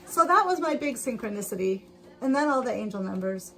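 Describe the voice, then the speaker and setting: A woman with a slightly bright, gravelly, fairly high voice speaks animatedly and fairly quickly. She's a livestream host sewing on camera, chatting with viewers, talking herself through the steps and laughing often, amid noisy audio and sewing machine noise.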